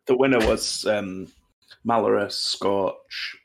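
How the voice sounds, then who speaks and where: A man's voice: fairly low pitch, takes it slowly, vocal fry, slight background noise. A man co-hosting a podcast, casually chipping in with details in a tentative way. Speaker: podcast co-host. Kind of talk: casual chat.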